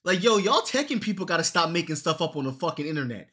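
Young man, live-stream chat, bright and forceful voice, cussing and joking, loud high-pitched outbursts. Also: sing-song, fast. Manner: profane, loose and joking.

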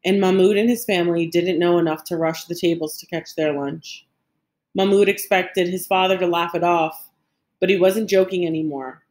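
Reading a novel aloud from a script, the female audiobook narrator speaks on the low side, with a measured pace and an expressive touch.

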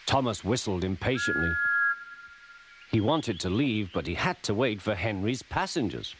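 A man narrating a children's storybook in a lively, expressive way. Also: fairly low pitch, moderate pace, noisy background. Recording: loud music underneath.

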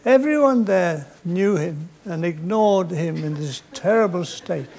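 A man's voice: high-pitched, expressive, measured pace, darkish tone. An older man, a comedian, telling comic stories on stage with a dry, drawling delivery. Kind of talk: anecdotal storytelling on stage. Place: stage before a live audience.

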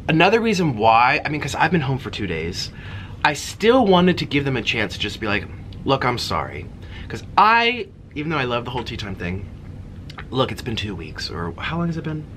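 A chatty man vlogging to camera while he eats, his pitch rising and falling in a lively way. He talks casually and gets heated as he goes on. Steady background noise sits under his voice. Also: brisk, poor audio. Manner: animated, chatty, heated about an online dispute. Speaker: mukbang vlogger.

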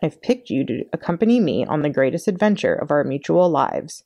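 A woman's voice: deep voice, big pitch swings, a little fast, warm tone, exaggerated voice. A woman voicing a self-assured young girl who speaks precisely and corrects grammar. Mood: earnest. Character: bossy, prim older sister, about twelve.

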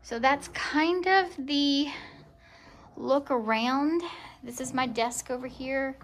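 Slow-talking woman giving a home tour. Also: sits high, a little hiss or hum. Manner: slow, gentle, with frequent ums and pauses. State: emotional. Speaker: vlogger. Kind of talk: casual home tour vlog. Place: her decorated home. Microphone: handheld camera walked around.

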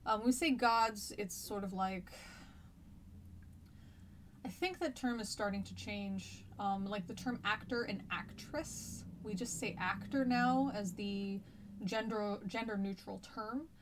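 A woman teaches history in a loose, chatty live stream, rambling through fillers and restarts. Her voice sits at an ordinary middle pitch. A faint hiss runs behind her. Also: unhurried. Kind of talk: casual live-stream lesson chat.

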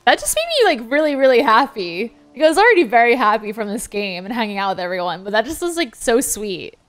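A young adult woman chats live on her stream while gaming, her voice a touch high. She giggles often and gushes, swearing casually as she talks. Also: expressive, fast, faint music behind. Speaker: livestreamer.

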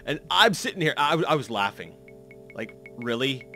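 Chatty, animated man narrating his gameplay. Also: a little high, normal speed, faint music behind. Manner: rambling, self-mocking, frequent restarts and fillers. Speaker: let's play commentator. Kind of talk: gameplay commentary.

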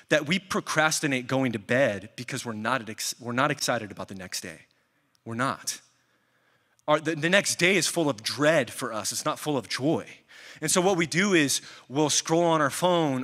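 A young adult man preaching a sermon as a pastor, telling lively stories and asking the audience questions. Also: medium pitch, long reverb tail. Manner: storytelling, animated, asks the audience questions.

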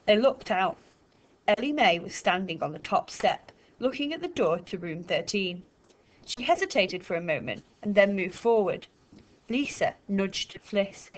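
A woman reading a children's novel aloud in a slow, deliberate storytelling way. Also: mid-range voice, expressive. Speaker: reader.

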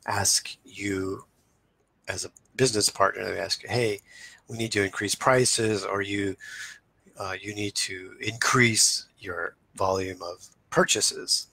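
Gravelly, bright-voiced man explaining casually. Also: fairly low pitch, fairly even intonation, measured pace, low-quality recording. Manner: casual, explanatory, frequent fillers and restarts. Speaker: teacher. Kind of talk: instructional talk.

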